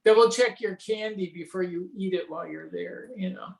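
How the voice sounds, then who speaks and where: A man's voice: high-pitched, moderate pace, gravelly. A man chatting as a guest in an interview, full of joking, teasing banter. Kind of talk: casual interview chat.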